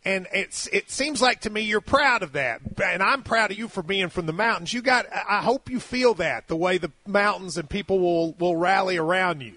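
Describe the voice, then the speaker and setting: Male radio host, bright, husky, folksy interviewer in a dry studio. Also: high voice, moderate pace, few pauses, dry recording. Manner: folksy, encouraging, asks questions.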